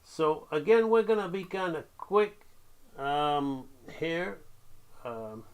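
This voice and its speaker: A man teaching animation drawing, talking along while he sketches, relaxed and checking in with "right?". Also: fairly high pitch, takes it slowly, smooth. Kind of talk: drawing tutorial, thinking aloud.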